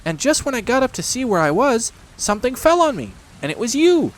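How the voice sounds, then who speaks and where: A man voicing a tiny, timid young male piglet with a high, squeaky, trembling voice. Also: sing-song, a little fast. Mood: nervous.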